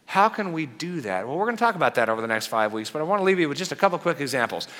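A pastor preaching a sermon in an animated, conversational way with playful asides. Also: male voice, fairly high pitch, rapid-fire, in a large hall.

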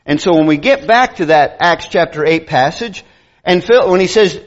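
A middle-aged man preaching a sermon, animated and conversational, acting out dialogue with quick asides. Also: high voice, highs cut off.

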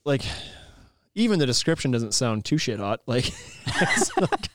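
A man co-hosting a casual podcast, talking in an animated, rambling way and laughing often. His voice sits in a middle register. The sound is dry and close, with no room echo. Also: mid-range voice, a little slow. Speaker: podcast co-host. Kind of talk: casual chat.

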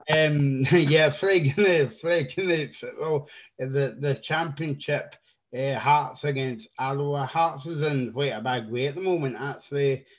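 A man's voice: medium pitch, measured pace. A man with a Scottish accent hosting a casual football podcast, joking, with many fillers. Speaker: host.

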